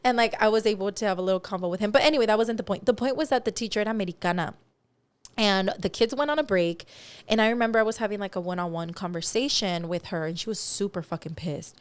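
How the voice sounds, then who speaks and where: A woman's voice: medium pitch, fast talker, clear, resonant tone. A young woman from California, a podcast co-host telling a story in casual chat and switching between English and Spanish.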